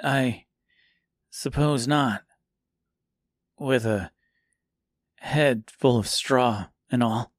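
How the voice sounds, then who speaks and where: A man's voice: on the high side, very slow, gravelly, pauses often, a little mellow, no echo, clean studio sound, pitched above the performer's own voice, full character voice. A man voicing a timid, hesitant male scarecrow who is a bit simple-minded.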